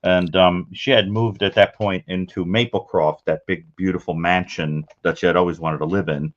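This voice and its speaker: A man chatting as a guest about his collection of crime memorabilia, talking in an unhurried, rambling, matter-of-fact way. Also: low-pitched, steady tone, dull audio. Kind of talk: casual show-and-tell chat.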